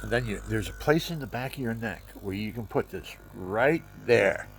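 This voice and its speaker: A man's voice: lowish voice, lively intonation, normal speed, vocal fry, slight background noise. An older man with a stuffy nose, rambling chattily at home in a casual vlog and showing things as he talks. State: stuffy nose, talking through his nose.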